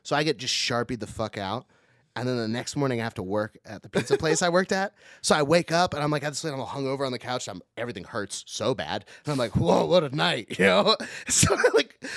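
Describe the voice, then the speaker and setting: A podcast co-host, his pitch jumping around as he tells a story and laughs his way through it. His voice is bright and forward, and he acts out the people in his tales. It is recorded close and dry, with no room sound. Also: brisk, dry recording. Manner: animated, laughing often, acts out voices in stories. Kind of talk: casual storytelling chat.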